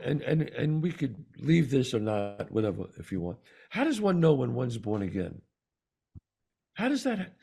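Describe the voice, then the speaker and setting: Gravelly, husky man telling a story. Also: fairly high pitch, darkish tone. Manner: emphatic, repeats words for stress. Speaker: podcast co-host. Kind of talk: casual storytelling chat.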